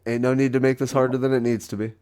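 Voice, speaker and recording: A man's voice: mid-range voice, flat delivery, rapid-fire, warm tone, clean tone. A man co-hosting a podcast in casual chat, joking, swearing freely and echoing his partner's lines. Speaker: podcast co-host.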